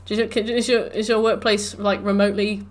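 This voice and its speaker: A woman's voice: mid-range voice, flat delivery, normal speed. A woman in her twenties, a streamer chatting casually with viewers while gaming, rambling with lots of fillers.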